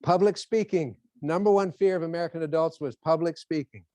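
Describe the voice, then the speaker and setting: A male motivational speaker with a fairly high voice who tells his stories in an animated way and acts out each scene. His delivery is dry and close. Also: a little fast, no room sound. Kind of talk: motivational lecture.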